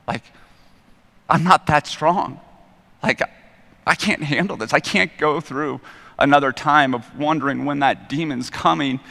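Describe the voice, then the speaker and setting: Middle-aged guy rambling through his testimony, open and self-deprecating, bright voice, big echoey church room. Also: mid-range voice. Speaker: guest speaker at church. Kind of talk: personal testimony talk. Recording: long reverb in a large hall.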